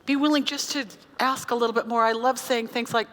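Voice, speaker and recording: A woman pastor preaching a sermon, telling a story in a conversational, animated way. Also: a little high, a little fast. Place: church sanctuary. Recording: church hall reverb.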